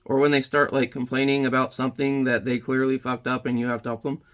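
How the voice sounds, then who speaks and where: A man's voice: medium pitch, flat delivery, quick pace, hardly any pauses. Rambling man chatting while he paints. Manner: rambling, joking, then quietly reflective. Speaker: painting vlogger.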